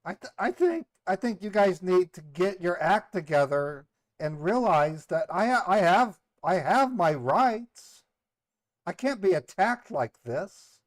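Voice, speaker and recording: A man's voice: sits high, big pitch swings, a little slow, dry recording. A man playing a flustered, indignant victim on a prank call, protesting his innocence in long defensive runs. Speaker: scambaiter posing as a caller. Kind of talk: prank call role-play.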